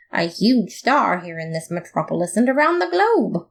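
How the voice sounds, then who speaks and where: Playful, lively woman narrating a comic story. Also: mid-range voice, normal speed, gravelly, hardly any pauses. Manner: playful, expressive. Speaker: podfic reader.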